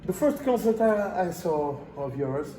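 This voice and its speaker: Portuguese-accented male interviewer, mellow. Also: high-pitched, very animated. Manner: slow, searching for words, many "uh"s. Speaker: journalist interviewer. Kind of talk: interview questions. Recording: echoey room.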